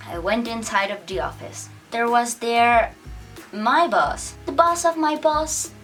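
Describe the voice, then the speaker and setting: A woman's voice: a little high, slow, a bit bright, recorded from a distance, faint music behind. A young woman chatting casually to camera as she tells a personal story, filling her talk with "like" and acting out what people said. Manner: chatty, many "like" fillers, acts out quotes. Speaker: vlogger telling a personal story.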